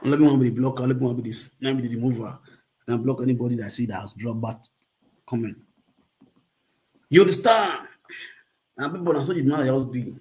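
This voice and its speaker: Man, Nigerian accent, rambling livestream talk, frequent laughter, mid pitch. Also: brisk, long pauses, a little mellow. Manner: rambling, laughs often, repeats catchphrases. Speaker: livestream host. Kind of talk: casual Pidgin livestream chat.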